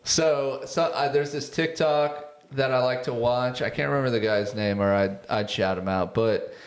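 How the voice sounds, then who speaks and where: A young man in casual podcast banter, loose and crude, quick to laugh. His voice sits in an ordinary middle pitch for a man. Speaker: podcast co-host. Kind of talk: casual comedy podcast chat.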